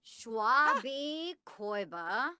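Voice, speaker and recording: Gibberish-babbling young game woman, slow-spoken and bright, over faint music. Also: on the high side, big pitch swings, heavily acted. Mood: chattering. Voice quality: nonsense sim-speak, groans and mutters. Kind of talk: video game character voice.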